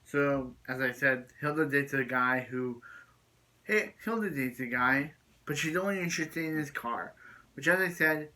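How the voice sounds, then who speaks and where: A man with a bright, forceful voice recaps a TV episode in a loose, rambling way. He keeps circling back with filler words and restarts his sentences before he gets to the point. His pitch sits in a middle range for a man. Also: poor audio. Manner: rambling, repeats and restarts phrases. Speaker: video reviewer.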